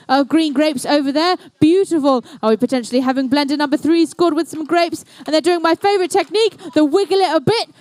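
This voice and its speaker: A woman's voice: high-pitched, no echo, studio quality. A young woman doing live, playful, chatty commentary at an indoor competition. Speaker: event commentator.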